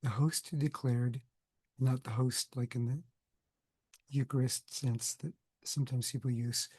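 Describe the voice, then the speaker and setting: A man's voice: medium pitch, fairly even intonation, unhurried, darkish tone, breathy edge, no echo. A man with a cold giving a recorded lecture, conversational and digressive, often correcting himself mid-sentence. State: has a cold, coughing. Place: indoors, recording for video.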